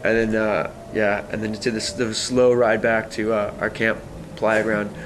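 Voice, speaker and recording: A man's voice: on the low side, level tone, measured pace, noisy background. A man telling a long personal story in a casual, rambling way, full of fillers and acted-out quotes.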